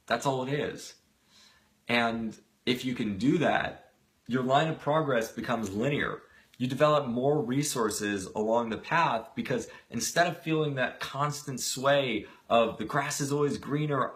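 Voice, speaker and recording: A man's voice: medium pitch, a bit bright. A man giving a motivational video talk, earnest and emphatic, urging listeners toward change. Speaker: motivational speaker.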